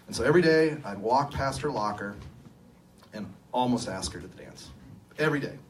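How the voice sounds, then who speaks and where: A man's voice: mid-range voice, moderate pace, a little hiss or hum. Self-deprecating middle-aged man, distant mic. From Sacramento, California. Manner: self-deprecating, humorous, lively storyteller. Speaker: company co-owner and engineer giving a talk. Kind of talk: conference talk with personal storytelling. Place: event room at a live talk. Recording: distant mic, faint room ambience.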